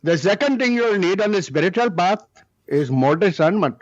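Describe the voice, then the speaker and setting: A man voicing an older male Indian spiritual teacher with an Indian accent, speaking in slow, measured pronouncements. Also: high-pitched, lively intonation, muffled recording, pitched above the performer's own voice. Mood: solemn teaching.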